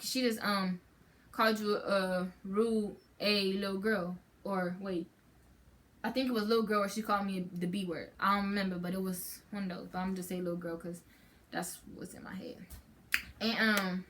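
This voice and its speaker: A teenage girl with a medium-pitched, fairly bright voice rambles through a casual story for her vlog. She often stops to begin sentences again and leans on "like" and "um" to fill the gaps.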